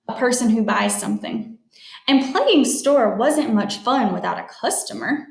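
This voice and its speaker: A woman reads a children's picture book aloud at a slow, patient pace. She stops to explain new words and points things out in the pictures. Her voice sits fairly high, and the room is echoey. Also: lively intonation, vocal fry. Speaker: storytime reader.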